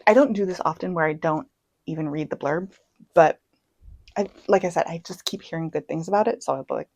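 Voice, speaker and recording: Low, gravelly-voiced chatty woman. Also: brisk, a little mellow, dry recording, poor audio. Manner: chatty, self-deprecating, drops into asides and whispers. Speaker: book vlogger. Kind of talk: casual chat. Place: home.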